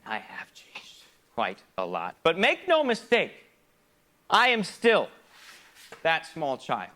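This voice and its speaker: A man performing a theatrical spoken-word monologue live on stage, swinging between hushed asides and loud outbursts. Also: fairly high pitch, wildly swooping pitch, slow pace.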